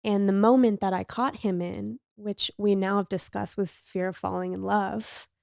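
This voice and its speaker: A woman hosting a podcast, opening up about her own life with raw, confessional honesty. Her voice is mellow and warm with a gravelly fry, and at times it sinks into a hushed near-whisper. The sound is dry and close, with no room echo. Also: medium pitch, fairly even intonation, moderate pace. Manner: open, emotional and confessional, drifting into soft near-whispers. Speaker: podcast host. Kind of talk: candid personal storytelling.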